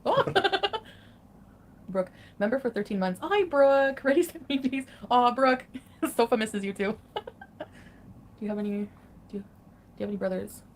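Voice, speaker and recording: A woman's voice: on the high side, lively intonation, unhurried, long pauses, slight background noise. Woman, chatty, giggly, casual livestream, greeting viewers. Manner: chatty, laughs between greetings. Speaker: livestreamer answering chat. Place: home in Kuwait.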